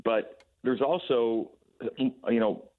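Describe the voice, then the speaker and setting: Man, sports radio guest, mid-pitched, phone-line sound, halting restarts. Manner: thoughtful, many restarts and repeated words. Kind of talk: sports radio call-in chat.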